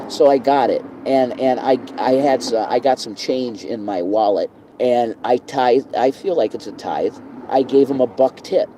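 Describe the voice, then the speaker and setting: Reverend guy ranting outside, swears a lot, rambles, mellow voice, some cars going by. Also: mid-range voice, a little hiss or hum, low-quality recording. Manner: rambling, profane, preachy. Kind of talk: casual vlog rant.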